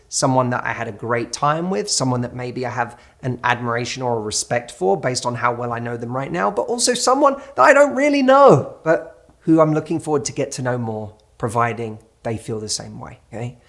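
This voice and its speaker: A man in his thirties, a dating coach, giving an earnest motivational talk straight to the listener and now and then acting out an inner dialogue. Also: mid-range voice.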